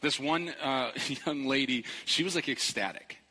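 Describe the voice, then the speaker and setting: A man's voice: a little slow, husky. Playful man preaching in a big hall. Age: middle-aged. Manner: playful, animated storytelling with jokes and high-pitched quoted voices. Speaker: pastor. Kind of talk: casual storytelling sermon. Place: large church hall. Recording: long hall reverb.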